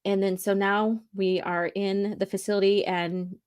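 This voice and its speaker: A woman's voice: mid-range voice, level tone, measured pace, darkish tone, smooth. A woman hosting a casual podcast and reading comics along, chatty and full of fillers. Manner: chatty, lots of fillers like "you know" and "um". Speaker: podcast host.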